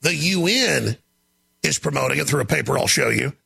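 A man hosting a talk show, delivering an emphatic, ranting monologue with a gravelly voice. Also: fairly high pitch, animated, moderate pace. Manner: gravelly, shouting, emphatic rants.

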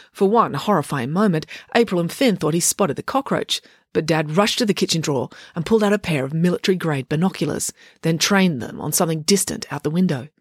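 Woman reading a kids story, lots of ups and downs, lowish voice, dry close mic. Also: no echo. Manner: expressive, animated storytelling. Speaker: audiobook narrator.

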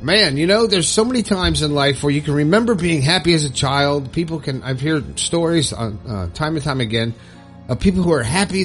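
A man hosting his own podcast, talking in a chatty, upbeat, folksy way. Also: fairly high pitch. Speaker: podcast host. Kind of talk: casual solo podcast talk.

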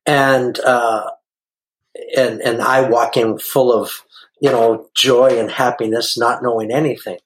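An older man, a musician guest, telling a story with earnest, effusive warmth and acting out the voices of others. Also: mid-range voice, little pitch movement, measured pace, low-quality recording. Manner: earnest, effusive, acts out dialogue in a raised voice. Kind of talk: emotional storytelling in conversation.

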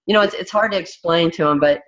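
A woman's voice: lowish voice, fast talker, fairly bright tone, highs cut off. A woman fighter speaking bluntly and frankly in a candid interview, swearing freely.

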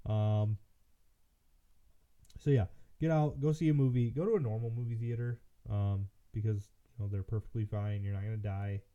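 A tired man from Michigan hosts his own commentary show, rambling along with plenty of fillers and restarts. His voice is very dark and mellow. The recording sounds muffled and lo-fi. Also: lowish voice, fairly even intonation, moderate pace. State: tired, yawning. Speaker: political commentary host. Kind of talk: casual solo commentary. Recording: muffled lo-fi audio.

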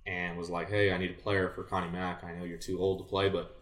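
This young guest, once a baseball player, talks fairly quickly in a very low-pitched voice. He wanders through a long story, breaking into quoted dialogue, while the room echoes around what feels like an easygoing conversation.

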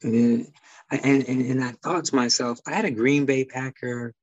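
A man's voice: medium pitch, steady tone, normal speed, dry recording, lo-fi sound. A man from Detroit with a slight Midwest twang, a guest talking casually and rambling with many fillers and restarts. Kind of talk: casual conversation.

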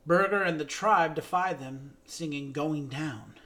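A man co-hosting a podcast, giving a steady scripted reading of credits and a show synopsis. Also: fairly high pitch, unhurried. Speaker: podcast co-host.

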